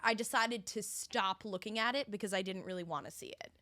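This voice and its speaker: A young Philadelphia woman in her twenties co-hosts a podcast, telling a story in casual chat at a slightly fast pace with a medium-pitched voice. She animatedly acts out both sides of the conversation, and the recording is dry with clean studio sound.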